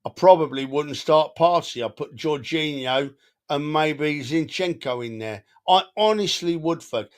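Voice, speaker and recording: A man's voice: a little high, unhurried. A man co-hosting a football podcast, talking emotionally and animatedly, often repeating himself. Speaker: podcast co-host. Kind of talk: casual football chat.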